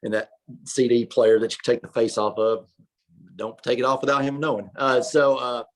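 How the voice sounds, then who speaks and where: A man who is a podcast guest, telling animated stories and banter, laughing and acting out voices. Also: mid-range voice, normal speed. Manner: lively, laughing, acts out quoted voices.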